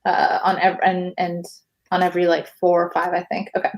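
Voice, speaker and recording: A woman's voice: fairly low pitch, monotone, a little fast. A woman poet and professor chatting casually as a guest in an interview, using slang and lots of fillers.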